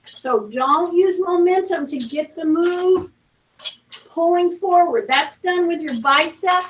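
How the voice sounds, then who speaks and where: A woman fitness instructor with a high voice coaches a seated workout, slow and chatty, counting reps and cueing each breath. She is recorded from some distance in an echoey home room, with a faint noise underneath. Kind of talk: seated strength workout class. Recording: roomy, from off-mic, faint noise.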